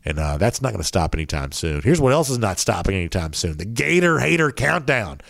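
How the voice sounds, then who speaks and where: A man's voice: low-pitched, very animated, quick pace, gravelly, no echo, clean studio sound. A man hosting a college sports podcast in a casual, rambling way, his voice nasal and worn from allergies. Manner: rambling with many fillers.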